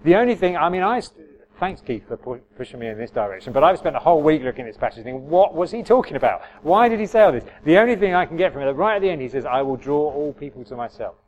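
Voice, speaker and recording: A man's voice: a little high, expressive, fast talker, lo-fi sound. A man giving an informal sermon, chatty and self-correcting, with wry asides to the congregation. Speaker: preacher. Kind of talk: informal sermon with audience interaction.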